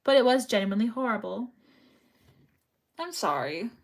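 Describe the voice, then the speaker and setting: A woman's voice: on the high side, animated, moderate pace. A young woman chatting casually on a livestream while sewing, rambling and reading chat messages aloud. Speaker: live streamer.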